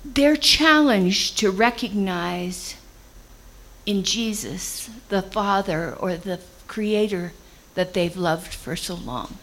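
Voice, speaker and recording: Slow-speaking woman preaching a sermon. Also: medium pitch, a bit bright, low-quality recording. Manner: conversational, explains scripture with acted quotes.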